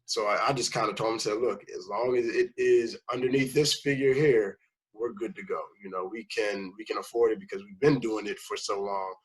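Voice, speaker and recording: A man's voice: fairly low pitch, steady tone, brisk, husky, low-quality recording. A man talking casually as a first-time home buyer guest, rambling through his story and acting out the people he quotes. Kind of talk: casual conversation.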